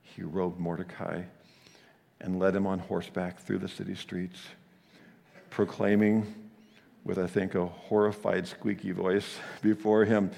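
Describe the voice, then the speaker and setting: A man preaching a sermon, telling the story with animated delivery and frequent chuckles. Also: deep voice, a little slow, vocal fry, big-room sound.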